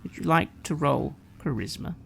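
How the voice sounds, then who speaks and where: A woman narrating a tabletop horror game as game master, with measured, dramatic description. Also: low voice, creaky, slight background noise.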